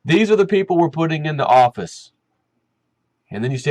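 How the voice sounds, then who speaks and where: High-voiced man ranting about politics. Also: brisk, pauses often, no room sound, low-quality recording. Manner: animated, heated, many fillers. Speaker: commentary channel host. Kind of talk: opinion rant.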